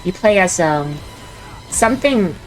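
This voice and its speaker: A woman's voice: fairly low pitch, lively intonation, measured pace, soft background music. A woman playing a game with a friend, chatting casually and giggling often. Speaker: co-op player. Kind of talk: casual gaming chat.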